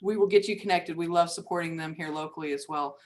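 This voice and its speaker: A woman's voice: lowish voice, quick pace, darkish tone. A woman Rotary organizer on a video call, friendly and organized as she shares connection details. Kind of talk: video call panel announcements.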